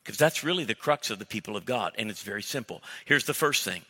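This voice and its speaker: A middle-aged male pastor preaching a sermon in a blunt, emphatic way, breaking into loud acted-out exchanges. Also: on the low side, expressive, fast talker. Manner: emphatic, blunt preaching with sudden loud mock-dialogue bursts. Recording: reverberant hall.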